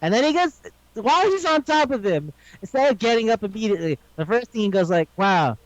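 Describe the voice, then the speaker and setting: A man on a podcast casually recapping an anime episode, animated and swearing a lot, acting out the characters' lines. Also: very high-pitched, quick pace, no echo, lo-fi sound. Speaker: podcast co-host.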